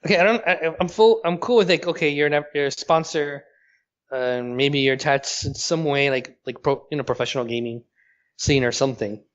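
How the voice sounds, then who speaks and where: Over a dull, lo-fi call, a man co-hosts a casual gaming chat for a podcast, blunt and opinionated and swearing to make his points. His voice is a little high and his pace brisk.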